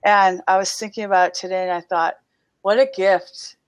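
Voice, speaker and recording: A middle-aged woman telling a personal story in a casual chat, animated and laughing often. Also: medium pitch, normal speed, clean tone. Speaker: podcast guest.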